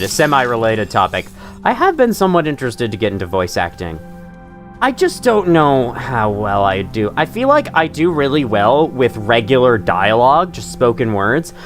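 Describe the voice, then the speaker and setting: A male streamer talks through his gameplay in a loose, chatty way, laughing easily and poking fun at himself. His voice swings widely up and down as he reacts. Quiet music plays faintly behind him. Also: mid-range voice. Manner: chatty, self-deprecating, laughs often. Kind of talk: live gameplay commentary.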